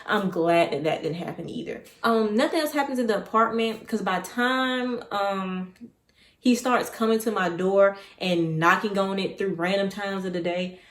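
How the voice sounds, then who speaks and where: A young woman recounts a personal story in a loose, conversational way, looping back and going off on side notes. Her pitch sits in the middle of the range. The sound has a noticeable room echo. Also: normal speed, a little hiss or hum. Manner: chatty, digressive, animated retelling. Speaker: vlogger. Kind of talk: casual storytime. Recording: echoey room.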